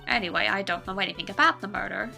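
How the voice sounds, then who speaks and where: A woman's voice: mid-range voice, racing, gravelly, bright, forceful tone, faint music behind. A woman voicing a haughty, nosy old female guard in a game, talking in a pompous, scolding way.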